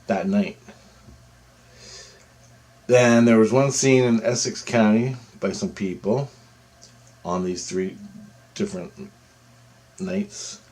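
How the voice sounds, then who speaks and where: A man telling a personal story in a casual, rambling way, acting out what others said with sudden excited jumps in his voice. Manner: animated, quotes others with big pitch jumps, rambling with restarts. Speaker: storyteller recounting a personal experience.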